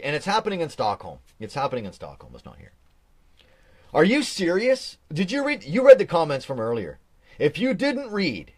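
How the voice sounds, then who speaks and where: Dude hosting a live stream, chatty and jokey, keeps restarting sentences, mid pitch. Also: male voice, darkish tone. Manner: rambling, self-correcting, jokey. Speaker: host. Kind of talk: casual live-stream chat.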